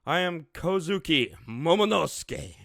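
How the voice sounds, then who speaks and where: A man's voice: on the high side, animated, unhurried, creaky, a bit bright, dry recording, studio quality, voice pushed up, exaggerated voice. Man doing a solemn proud young shogun, Momonosuke. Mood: rousing. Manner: declaiming, formal.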